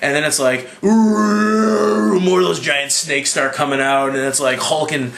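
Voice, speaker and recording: A man's voice: a little slow, gravelly. A slightly drunk young man casually recapping a movie, swearing freely and acting out lines in a raised voice. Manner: profane, excitable, acts out quotes in a higher voice. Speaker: movie reviewer.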